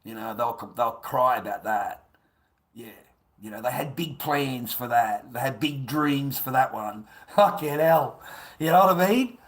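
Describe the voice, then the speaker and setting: A man's voice: medium pitch, lively intonation, unhurried. A middle-aged man ranting crudely on a livestream, rambling, swearing and laughing. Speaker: livestream host. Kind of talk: ranting casual livestream chat.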